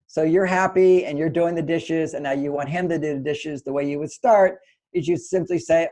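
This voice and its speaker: Older male advice author, mellow and slightly high-pitched, patient teaching manner. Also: fairly even intonation, fairly quick, rough recording. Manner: gentle, explanatory, acts out little dialogues. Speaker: relationship author and guest. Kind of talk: conversational advice interview.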